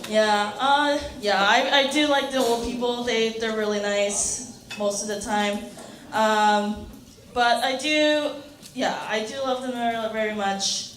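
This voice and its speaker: A young woman performs stand-up on a club stage, her voice high and her pace unhurried. She talks in a chatty, halting way, full of fillers and little laughs. The mic picks up an echoey room with audible noise behind her. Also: fairly even intonation, a bit bright, recorded from a distance. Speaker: stand-up comedian. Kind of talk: stand-up comedy set.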